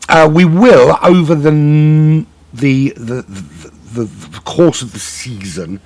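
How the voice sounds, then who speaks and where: Gravelly, husky race commentator man. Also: on the high side, slow, a little mellow. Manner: rambling, self-mocking waffle. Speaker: sim racing commentator. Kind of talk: live race broadcast commentary, filling time.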